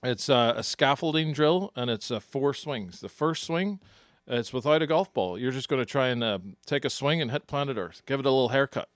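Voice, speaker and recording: A man coaching golf on a podcast, laying out his tips patiently and in order. His voice sits at a mid pitch and is recorded close and dry, with no room sound at all. He sounds casual and chatty. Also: expressive, normal speed, no room sound. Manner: explanatory, teaching step by step.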